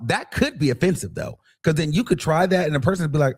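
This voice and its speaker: A man's voice: on the high side, a little fast. A man hosting a livestream, talking casually and acting out the voices of the people he quotes. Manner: animated, acts out quoted voices, many restarts. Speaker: livestream host.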